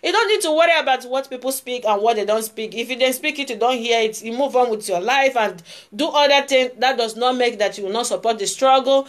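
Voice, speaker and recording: Earnest woman, high voice. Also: brisk. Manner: earnest, repetitive, many fillers. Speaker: YouTube channel host. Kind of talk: casual monologue.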